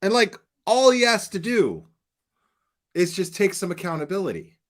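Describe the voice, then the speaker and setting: A man's voice: high-pitched, very animated, moderate pace. A man hosting a stream, reacting to clips with sarcastic, profane commentary. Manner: sarcastic, mocking, swears a lot.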